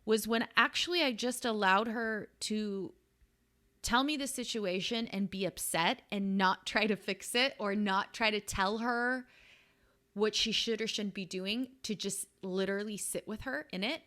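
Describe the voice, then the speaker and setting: A woman's voice: medium pitch, unhurried, a bit bright. A woman co-hosting a podcast, telling a personal story in a casual, earnest and emotional way. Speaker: podcast co-host. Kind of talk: casual chat.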